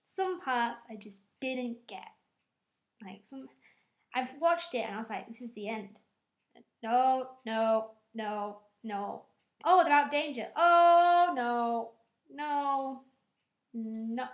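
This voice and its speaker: A woman giving a rambling, excitable spoken film review, full of "like" asides. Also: high-pitched, takes it slowly. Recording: echoey room.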